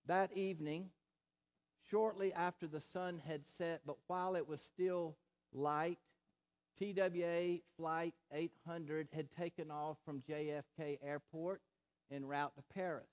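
A male pastor preaching a sermon, stressing words, slowing on key phrases and asking the congregation rhetorical questions. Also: a little high, a little mellow.

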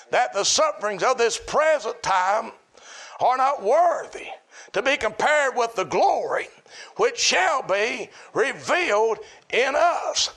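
A middle-aged man preaching a sermon, chanting in a repetitive cadence that rises to shouts. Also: very high voice.

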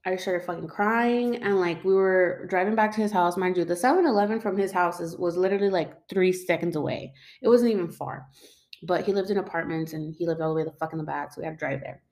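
A young woman with a slightly low voice tells her own story off the cuff. She rambles, leans on "like" and "um", and swears casually as she goes. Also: fast talker, darkish tone. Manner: rambling, filler-heavy, swears freely.

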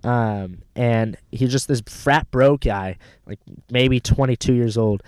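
A man spins a rambling, profane story in a casual chat, slipping into quick retellings of who said what. His voice sits at an ordinary middle pitch, and the sound is close and dry with no room echo. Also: smooth. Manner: rambling, heavy swearing, animated retelling. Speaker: rideshare driver telling a story.

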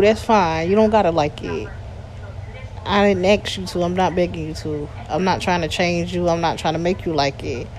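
A woman's voice: lowish voice, a little mellow, slight background noise. A woman, recording a profane, exasperated ranting voice message. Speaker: voice message poster.

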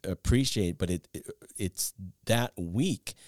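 A man co-hosting a podcast in casual chat, an animated storyteller who laughs at his own anecdotes. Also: fairly low pitch, takes it slowly, no room sound, studio quality. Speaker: podcast co-host.

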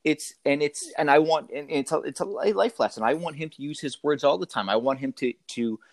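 A man's voice: a little high, lively intonation, brisk, dry recording. Dad in his 30s chatting in an interview, lots of ums and restarts, dry close mic. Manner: hesitant, many fillers and restarts. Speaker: interview guest, father. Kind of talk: casual interview.

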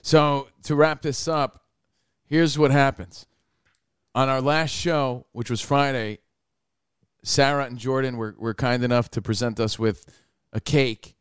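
A man's voice: mid-range voice, smooth, dry recording, studio quality. A man hosting a talk radio show, telling crude joking stories in casual banter.

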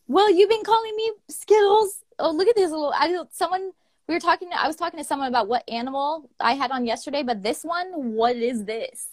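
A young woman co-hosting a poetry show over a video call, chatting casually in a giggly, animated way and swearing freely. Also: high voice, brisk. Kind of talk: casual chat.

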